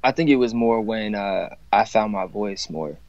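A man who makes music, talking about his work as a guest in a casual chat, relaxed and full of fillers. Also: on the low side, moderate pace, no room sound. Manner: laid-back, relaxed, lots of fillers. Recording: dull, dry, muffled sound.

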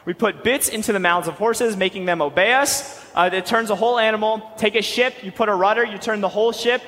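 Animated young preacher in a reverberant hall. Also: male voice, high voice. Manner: animated, fast-talking, joking asides. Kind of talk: sermon.

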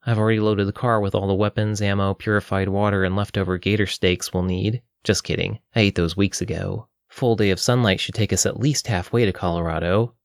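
A man's voice: on the low side, fairly even intonation, fairly quick, hardly any pauses, dry recording, studio quality, natural voice. A man voicing a tough young woman fighter who is joking and protective, in an audiobook. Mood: wry. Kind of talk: audiobook character voice.

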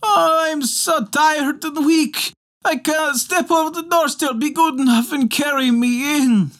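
A tiny, ancient bearded mannikin wails and pleads in a thin, very high, strained voice. He sounds pitiful and sly at once, a folktale creature begging to be carried in from the cold. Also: unhurried, a bit bright, full character voice. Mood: whiny pleading. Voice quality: wailing, pleading.

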